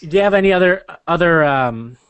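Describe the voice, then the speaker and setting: A man's voice: a little high, expressive, a little fast, fairly bright tone, smooth, dry recording. A man hosting a casual podcast chat, rambling and restarting his sentences, with frequent chuckles. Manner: rambling, self-interrupting, chuckles often. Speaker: podcast host.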